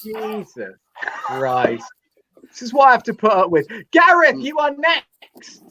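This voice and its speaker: A woman hosting an online comedy show over a video call, bubbly and quick to laugh. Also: high-pitched, lively intonation, a crowd in the background, poor audio. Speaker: host.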